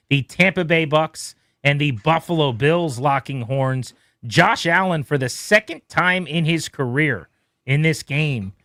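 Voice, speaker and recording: A man hosting a sports radio show, rattling off quick game recaps with playful asides. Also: fairly high pitch, fairly bright tone, no room sound, clean studio sound. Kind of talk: brisk scores recap.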